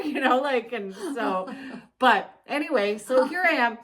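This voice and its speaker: A middle-aged woman with a fairly high voice tells a story on a casual podcast. She swears a lot and gets loud when she acts out what people said, then drops back to a conversational tone. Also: unhurried, crowd noise. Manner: animated, profane, acts out quotes loudly. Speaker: podcast co-host.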